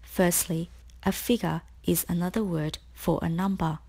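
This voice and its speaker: Slow, gravelly woman teaching spelling. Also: lowish voice, fairly even intonation, warm tone. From Australia. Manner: slow, clear, deliberate explanations. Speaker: spelling tutor. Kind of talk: scripted spelling lesson.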